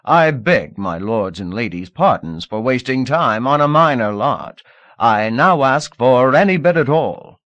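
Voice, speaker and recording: A man's voice: medium pitch, lively intonation, measured pace, fairly bright tone, no room sound, muffled recording, voice pushed up. A man voicing a nervous, fawning male slave auctioneer who pleads and chants bids. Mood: pleading. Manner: pleading, wheedling, sing-song chanting.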